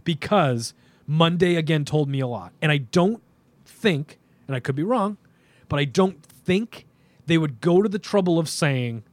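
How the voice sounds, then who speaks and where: A young man co-hosting a podcast, talking in an animated, opinionated, rambling way with plenty of fillers. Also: on the high side, a little slow, no room sound. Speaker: podcast co-host. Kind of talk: casual podcast chat.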